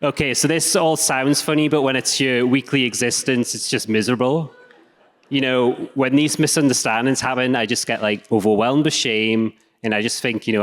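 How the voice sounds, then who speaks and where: A man from England with a regional English accent gives a live talk on stage in a hall, conversational and self-deprecating. His voice is medium in pitch, fairly even in intonation, at a moderate pace, and the recording is echoey.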